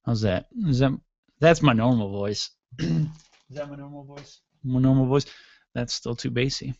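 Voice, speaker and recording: A man's voice: medium pitch, normal speed, vocal fry, dry recording. A man in his thirties hosting a solo talk radio show, rambling through sarcastic, irreverent jokes. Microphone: studio mic with mixer. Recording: dull lo-fi dry sound.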